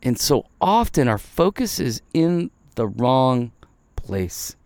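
A man's voice: medium pitch, very animated, takes it slowly, gravelly, a little mellow, no echo. A man giving a devotional sermon as a pastor, earnest and conversational, full of "like" and asides. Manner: earnest and conversational, peppered with "like", voicing Jesus in asides.

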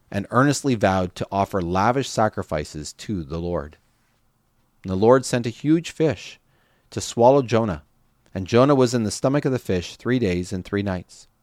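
A man reading scripture aloud in a measured, steady way. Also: on the low side, dry recording, clean studio sound. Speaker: scripture reader.

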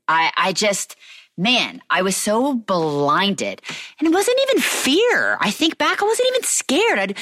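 A woman's voice: medium pitch, fairly bright tone, dry recording. A woman telling her own story in a candid, rambling way, full of restarts and "like". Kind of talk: personal storytelling, casual monologue.

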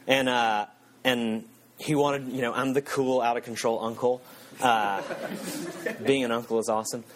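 A man's voice: mid-range voice, little pitch movement, moderate pace. A man, preaching a sermon and telling a self-mocking story with frequent chuckles. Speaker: pastor. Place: church.

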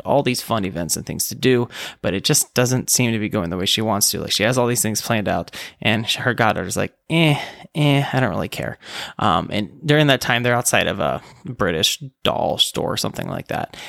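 A man talks through his podcast episode in a relaxed, conversational way, stopping to correct himself now and then. His mid-range voice has a gravelly texture. The sound is dry and close. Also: mid-range voice, dry recording. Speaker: podcast host. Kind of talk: casual solo podcast talk.

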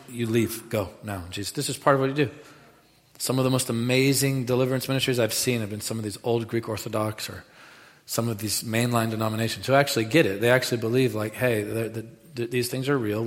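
A man preaching a sermon in a lively, animated way, dropping to quiet asides and rising to loud bursts. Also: mid-range voice, fast. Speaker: pastor. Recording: reverberant hall.

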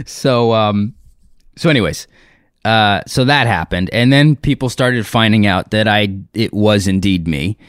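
A man's voice: lowish voice, unhurried, clean tone, no room sound, clean studio sound. A man, a comedian and impressionist, telling a rambling, profane, self-deprecating story in a casual way.

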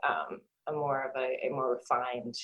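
A woman actor being interviewed in casual chat, animated and laughing often, trailing off and restarting as she talks. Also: extremely low pitch, normal speed, dull audio. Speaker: actor guest. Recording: roomy echo.

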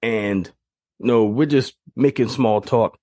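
A man hosting a podcast, telling childhood stories in an animated, casual way with frequent laughter. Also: medium pitch, slow, dry recording, studio quality. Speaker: podcast host. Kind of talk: casual storytelling.

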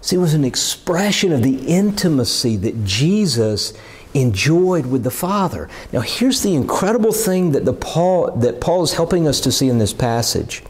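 Earnest preacher guy, fairly high voice that swoops up and down a lot, keeps repeating words as he builds. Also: very animated, moderate pace, a little mellow. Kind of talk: sermon.

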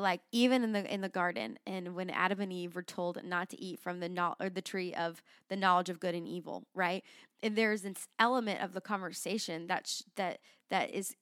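A woman's voice: medium pitch, no room sound, clean studio sound. Earnest, rambling woman podcast host. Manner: rambling, earnest, many fillers and restarts. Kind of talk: casual faith podcast chat.

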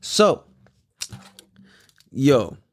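A man's voice: mid-range voice, huge pitch swings, extremely slow, no echo. A tired young man hosting his own podcast, rambling in a laid-back way with lots of swearing, fillers and laughs. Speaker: podcast host. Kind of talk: casual solo podcast monologue.

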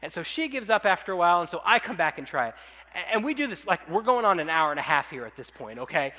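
A man preaching a sermon, telling a casual, animated personal story with plenty of fillers before reading scripture. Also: high voice, fast, in a large hall. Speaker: pastor.

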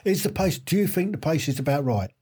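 A man's voice: fairly high pitch, expressive, quick pace, warm tone, slightly rough. A man hosting a live online quiz in a chatty, self-deprecating way, often chuckling.

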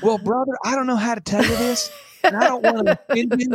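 A man's voice: very high voice, steady tone, fast, breathy edge, dry recording, pitched above the performer's own voice, exaggerated voice. A man voicing a hedging, apologetic churchgoing businessman who dances around the point. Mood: evasive apology. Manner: roundabout, overly polite.

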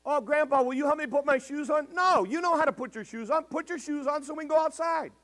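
A man's voice: very high-pitched, quick pace, fairly bright tone, pitched above the performer's own voice. A man voicing a five-year-old girl who whines and wheedles for help. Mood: whining. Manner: whining, wheedling. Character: pleading little girl of five.

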